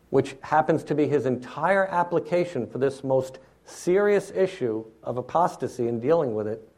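A man's voice: medium pitch, darkish tone. Man preaching a teacherly sermon. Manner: teacherly, checks in with the listeners. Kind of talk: expository sermon.

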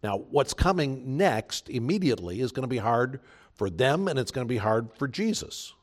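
A man's voice: medium pitch, sing-song, moderate pace. A man preaching a sermon as pastor, earnest and emphatic, repeating phrases for weight.

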